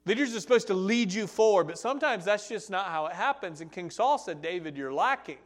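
A man preaching a sermon, telling a Bible story in an animated, conversational way. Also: high voice, a little fast. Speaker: pastor.

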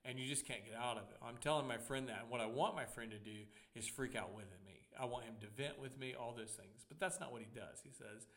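A man's voice: mid-range voice, a little fast, hardly any pauses, a bit bright. Conversational male pastor preaching. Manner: conversational preaching with humor and personal stories. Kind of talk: sermon.

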